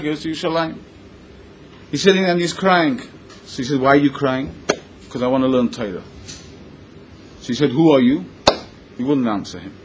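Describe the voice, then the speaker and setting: Animated man retelling a Talmudic story. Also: a little high, a little hiss or hum, rough recording. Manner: mixes Hebrew and Yiddish terms into English, animated retelling. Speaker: Torah teacher.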